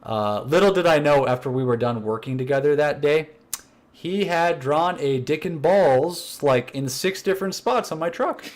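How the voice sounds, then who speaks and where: A man co-hosting a casual podcast, telling a prank story and acting out the dialogue with lively voice changes. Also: normal speed. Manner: animated, acts out quoted dialogue with shifting pitch. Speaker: podcast co-host.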